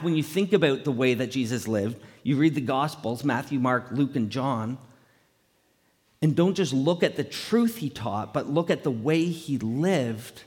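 A male pastor preaching a conversational, animated sermon, often acting out quotes in playful voices. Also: a little high. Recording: long hall reverb.

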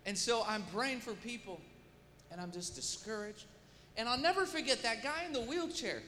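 A man with a high, bright voice preaches in a story-telling manner, swinging between hushed asides and shouted prayer. He is recorded in a large church hall with long reverb and a faint murmur of room ambience behind him. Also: normal speed, a little hiss or hum. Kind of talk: sermon story.

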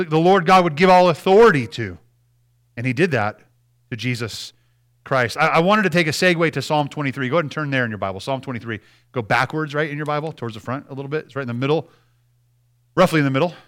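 A man's voice: on the high side, a bit bright. A male pastor preaching a sermon in an earnest way, often repeating words and asking the congregation questions.

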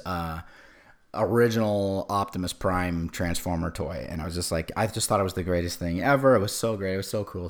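Man, forties, pastor, low voice, has a cold, casual sermon, fillers and restarts. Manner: casual, many fillers and restarts, occasional throat clearing.

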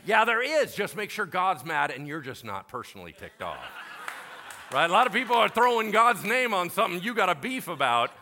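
Animated bright-voiced preacher man. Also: high voice, a little fast, slight background noise. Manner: animated, acts out biblical characters in casual slang. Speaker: pastor. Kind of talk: sermon.

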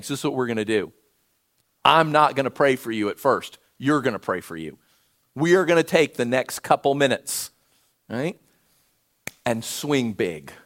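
A man preaching a sermon, animated, swinging between loud emphasis and hushed urging. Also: a little high. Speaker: pastor.

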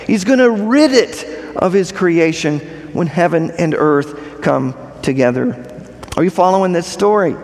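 The congregation hears a high-voiced male pastor press hard on important phrases, repeating them while checking in through questions. A long reverb from the sanctuary hangs over his sermon.

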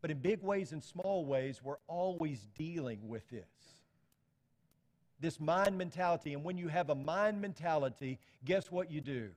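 A man's voice: a little high, expressive, moderate pace, a little mellow. A middle-aged man preaching a sermon as pastor, talking to the congregation conversationally with rhetorical questions. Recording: long hall reverb.

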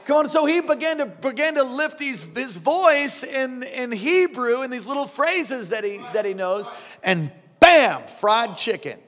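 A male pastor delivers a fervent sermon in a notably high voice. His exhortations ring out with a long reverberant tail, as in a large church hall. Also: expressive, unhurried. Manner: fervent preaching, rising to shouts.

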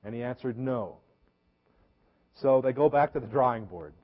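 A man preaching a sermon as pastor, earnest, repeating words and slowing down for emphasis. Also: medium pitch. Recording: echoey hall, dull lo-fi sound.

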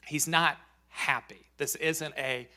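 A man's voice: on the high side, steady tone, slow, bright, forceful tone. A man preaching a sermon as pastor, talking in a conversational, joking way and reading scripture aloud.

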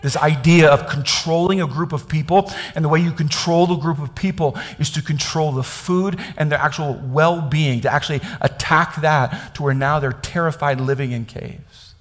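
A man's voice: on the high side, fairly even intonation, moderate pace, hardly any pauses, in a large hall. A man from Kansas preaching a conversational sermon, often asking his listeners questions. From Kansas, United States. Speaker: pastor.

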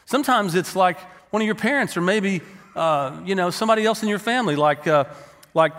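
A man's voice: high voice, expressive, fairly quick, a bit bright. A middle-aged man preaching a sermon, telling stories and acting out the people he quotes. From Texas. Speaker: pastor. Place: church sanctuary. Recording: long hall reverb.

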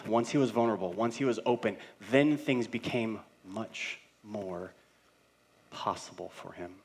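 A middle-aged male pastor preaching a sermon with earnest, building repetition, swinging between loud and hushed passages. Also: fairly low pitch. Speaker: senior pastor.

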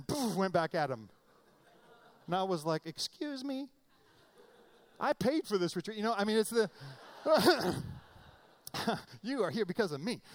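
Man, middle-aged pastor, preaching casually with lively acted-out quotes, voice sitting a bit high. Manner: conversational, animated, acts out quotes with comic voices. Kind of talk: sermon.

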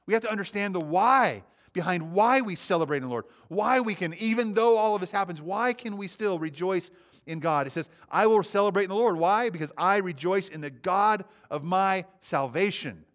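A man preaching a sermon, shifting between hushed reflection and fervent appeals, often repeating his words as he goes. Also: high-pitched, expressive, normal speed. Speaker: pastor.

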